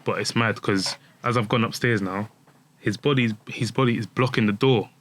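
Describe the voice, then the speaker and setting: Low-voiced man. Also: normal speed, a bit bright, slight background noise. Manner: candid, acts out quoted dialogue, many restarts. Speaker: guest footballer. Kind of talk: personal storytelling in conversation.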